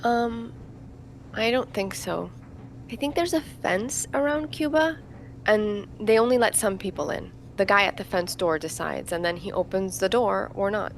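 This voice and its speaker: A woman playing a thoughtful older sister in an audio play, softly and patiently explaining things. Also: mid-range voice, moderate pace, slight background noise, close to an everyday voice.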